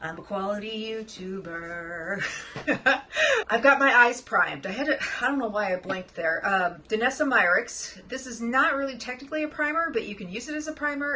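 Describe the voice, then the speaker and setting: A woman chatting excitedly through a makeup tutorial, often dropping to a soft murmur as she works. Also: on the high side, normal speed, low-quality recording. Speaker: makeup vlogger. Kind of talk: casual makeup tutorial chat.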